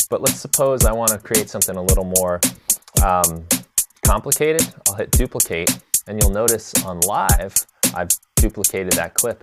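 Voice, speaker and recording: A man teaching a live tutorial on drum sequencing, chatty and relaxed, answering viewer questions as he demonstrates. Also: lowish voice. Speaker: music production instructor.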